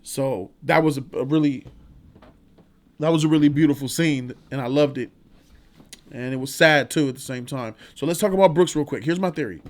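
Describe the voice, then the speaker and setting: A man hosting a casual movie review vlog, rambling, profane and enthusiastic. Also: a little high.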